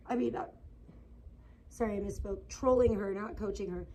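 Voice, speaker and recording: A woman's voice: medium pitch, steady tone, moderate pace, long pauses, darkish tone, slight background noise, low-quality recording. A woman livestreaming outdoors in the sun, rambling and gossiping in a casual, filler-heavy way.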